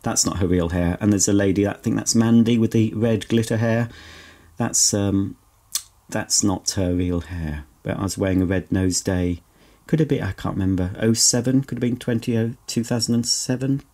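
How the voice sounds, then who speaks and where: A middle-aged vlogger sorts through old belongings indoors at home, chatting casually in a sentimental, self-mocking way. His voice sits on the low side, warm in tone, at a moderate pace.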